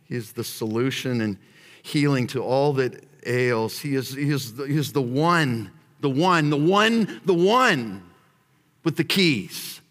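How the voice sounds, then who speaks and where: Male pastor, sermon delivery, slow and measured, lots of repetition, big reverberant hall. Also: mid-range voice, animated. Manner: swings from hushed prayer to shouting emphasis; repeats phrases as he builds.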